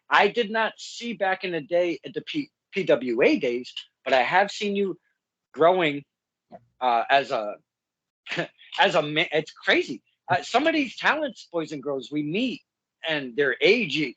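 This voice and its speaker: A man's voice: a little high, fairly bright tone, no room sound, highs cut off. A man hosting a casual interview, rambling and chatty with lots of fillers and self-corrections. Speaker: podcast host.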